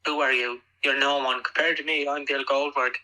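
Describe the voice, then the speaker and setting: A man's voice: mid-range voice, level tone, normal speed, pushed and bright, rough recording. A man putting on a boastful, dismissive male wrestler who mocks a smaller rival. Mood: scornful. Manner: mocking, scornful.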